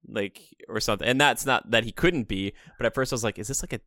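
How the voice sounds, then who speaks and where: A man's voice: medium pitch, racing, few pauses, pushed and bright, no room sound, studio quality. A man co-hosting a podcast in casual chat, rambling and acting out little quotes in funny voices. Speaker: podcast co-host.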